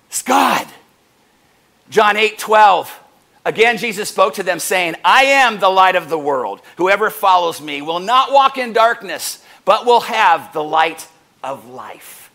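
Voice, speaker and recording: Male pastor mid-sermon; high, bright voice, playful, acts out short exchanges. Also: creaky. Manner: animated, swings up and down in pitch and loudness; jokey, acts out doorstep conversations in little voices. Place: church service.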